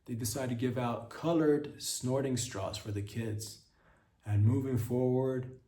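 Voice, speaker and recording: A man hosting a podcast, telling a crude comedy story in a rambling, profane, deadpan way. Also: mid-range voice, measured pace. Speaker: podcast host. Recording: roomy echo.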